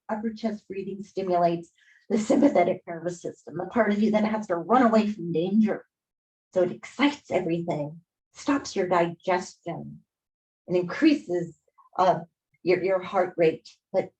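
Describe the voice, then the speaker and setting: Woman leading a yoga breath exercise, slow and soothing, keeps saying gently gently. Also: on the low side, rough recording. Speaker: yoga teacher. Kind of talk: guided breathing instruction.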